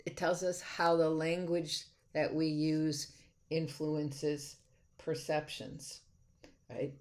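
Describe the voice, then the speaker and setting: A middle-aged woman with a slightly low voice talks through a recorded class lecture. She is chatty and enthusiastic and often stops to restart a sentence mid-thought. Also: darkish tone. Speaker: college instructor.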